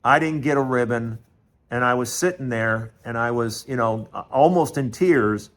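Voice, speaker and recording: A man's voice: medium pitch, normal speed. A man in his sixties, hosting a show and telling a childhood story, acting out the voices of the people in it with many restarts. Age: 60s. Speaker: host. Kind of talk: storytelling monologue.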